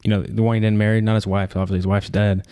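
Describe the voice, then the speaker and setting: A man's voice: lowish voice, flat delivery, mellow, smooth. A young man co-hosting a podcast, chatting casually about a movie he just watched, rambling and restarting his sentences. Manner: quick, rambling, lots of restarts. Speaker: podcast co-host. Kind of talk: casual movie reaction chat.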